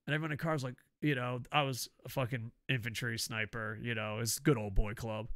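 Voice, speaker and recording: Gravelly, bright-voiced New man. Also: medium pitch, fairly even intonation, fairly quick, dry recording, clean studio sound. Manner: rambling, profane, laughs at own stories. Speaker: podcast host. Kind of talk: casual wrestling review chat.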